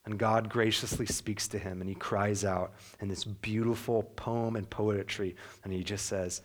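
A young adult man preaching a sermon as pastor, earnest, sometimes dropping to a soft hush. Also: fairly low pitch, steady tone, a little slow, few pauses.

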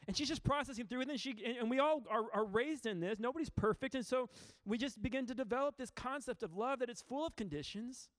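A pastor in his thirties delivers a conversational sermon in a very high, fast voice, recorded with clean studio quality and no room sound. He preaches earnestly and informally, frequently restarting his sentences.

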